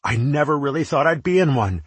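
A sharp-tongued warrior whose remarks come out sardonic and wry, voiced by a male narrator. The voice is lifted above the narrator's own and has a husky edge. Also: fairly high pitch, lively intonation, brisk, no room sound, voice pushed up.

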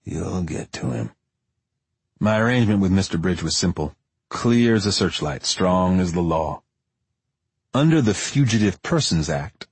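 Deep husky man narrating an audiobook. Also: a little mellow, dry recording. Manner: measured, deliberate, dry storytelling. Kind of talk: first-person audiobook narration.

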